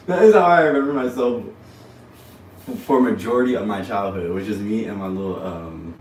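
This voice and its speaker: A young man tells a story on a casual livestream in an animated, rambling, foul-mouthed way. His voice sits on the low side. He sounds distant from the mic in a roomy space with a faint hiss behind him. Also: normal speed. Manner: animated, rambling, profane, often laughs. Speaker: livestream host.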